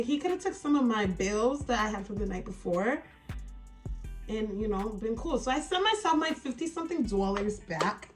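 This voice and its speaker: A woman vlogger with a fairly high voice tells a get-ready-with-me storytime. She talks in an animated, exasperated way and swears often. Faint music plays behind her. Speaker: beauty vlogger.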